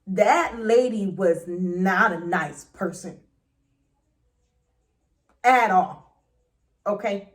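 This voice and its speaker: A young woman telling a dramatic story in a chatty storytime vlog, full of slang and quick swings between loud and hushed. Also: medium pitch. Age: young adult. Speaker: vlogger.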